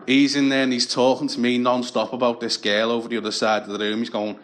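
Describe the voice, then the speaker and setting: A man's voice: mid-range voice, flat delivery, moderate pace, fairly bright tone, a little hiss or hum. A young man doing stand-up comedy, telling crude stories in a dry, anecdotal way.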